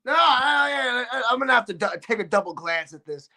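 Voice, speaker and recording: A man cutting a boastful wrestling promo as a guest, brash and trash-talking, shifting between rapid-fire and slow, deliberate lines. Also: very high voice, lively intonation, bright, forceful tone.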